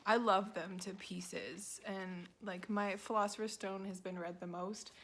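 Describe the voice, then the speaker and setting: A woman in her twenties, a book vlogger rambling in casual chat, filling her talk with "like" and dropping into quiet asides. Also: medium pitch, steady tone, a little slow. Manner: rambling, heavy use of "like", quiet muttered asides.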